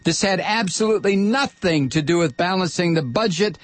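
A man hosting a political call-in radio show, angrily firing off repeated rhetorical questions and sometimes shouting. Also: sits high, moderate pace, hardly any pauses, no room sound. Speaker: radio talk show host.

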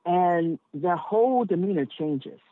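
A woman's voice: on the low side, animated, a little slow. A woman cab driver speaks candidly as a podcast guest, working through her thoughts aloud with many asides and pointed emphasis. Her voice comes over a narrow, phone-like line. The sound is dry and close, with no room echo.

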